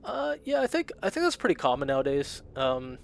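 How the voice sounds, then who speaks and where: A man's voice: fairly high pitch, huge pitch swings, fairly quick, creaky, slight background noise. A man chatting casually on a game stream, rambling with lots of fillers and reading chat aloud. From Russian-speaking family, immigrated to America. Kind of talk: casual live-stream chat while gaming.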